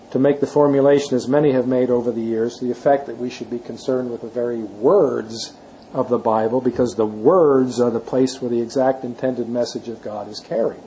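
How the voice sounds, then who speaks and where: A man with a warm, mellow voice teaches a class, explaining step by step. He leans on key words for emphasis and keeps asking his listeners rhetorical questions. A faint hum of room noise sits behind him. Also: mid-range voice, rough recording. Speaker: Bible teacher. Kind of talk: classroom lecture.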